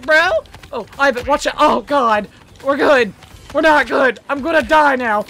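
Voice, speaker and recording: A game streamer giving profane live commentary, shouting and laughing at the game. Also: medium pitch, lively intonation, normal speed, faint music behind.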